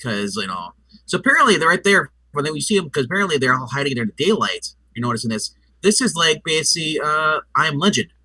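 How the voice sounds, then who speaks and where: Male movie review co-host, bright tense voice, slightly off-mic, stammering and retelling scenes. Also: fairly high pitch, very animated, no room sound, recorded from a distance, rough recording. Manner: halting, stammering, acts out scenes. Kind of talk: casual movie review chat.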